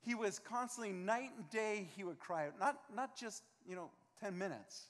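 A man's voice: sits high, moderate pace, fairly bright tone, in a large hall. A man preaching a sermon as pastor, earnest and emphatic, acting out scenes from the text. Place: church sanctuary.

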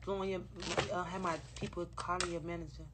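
A woman's voice: on the low side, little pitch movement, fast talker, noisy background. A woman chatting loosely and profanely to fans on a livestream, recorded on a phone. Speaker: rapper on a livestream. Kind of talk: casual livestream chat to fans.

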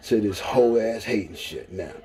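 A man's voice: lowish voice, moderate pace, crowd noise. Man ranting in repetitive street talk. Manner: repetitive, emphatic, preachy. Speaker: vlogger. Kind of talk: profane street-talk rant.

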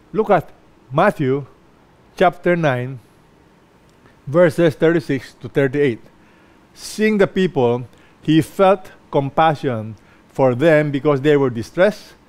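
Man, pastor, sermon, slightly high voice, emphatic, repeats phrases. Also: darkish tone. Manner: slow, emphatic preaching with pauses and repeated phrases.

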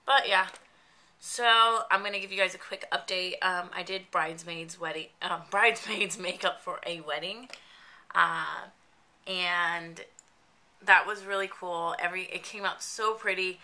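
A young woman chats loosely to her camera, with a stuffy nose giving her voice a slight rasp. Her tone is bright and a touch lower than most, and she rambles along with plenty of ums and "but yeah.". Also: steady tone, a little slow. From New Jersey. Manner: chatty, rambling with many fillers. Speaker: makeup vlogger. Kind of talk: casual vlog update.

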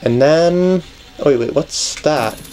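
A man's voice: fairly high pitch, slow pace, a little mellow. A man hosting a let's play, giving casual gameplay commentary as he thinks aloud, often restarting sentences and chuckling.

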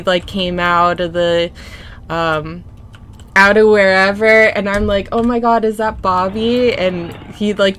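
A young woman streams a game from home, talking slowly in a slightly low voice. She tells stories in a chatty, giggly way and gets animated when quoting other people. A faint noise sits behind her. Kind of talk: casual gameplay chat.

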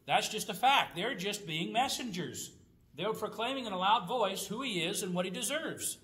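A man with a fairly high voice teaches a Bible study. He talks conversationally, tosses rhetorical questions to his listeners and reads scripture passages aloud. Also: animated, normal speed, sharp tone.

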